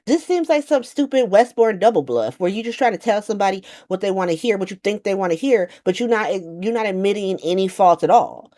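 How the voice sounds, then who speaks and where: A woman giving a casual, slangy recap to camera, animated and profane, often laughing and slipping into quick playful voices. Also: mid-range voice. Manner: does quick playful voices for quoted characters. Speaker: soap opera recap vlogger.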